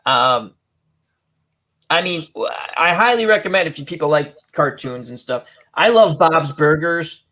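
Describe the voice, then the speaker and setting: A man's voice: fairly high pitch, lively intonation, unhurried, pushed and bright. A man hosting a casual online chat, rambling through funny stories with lots of giggles. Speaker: host.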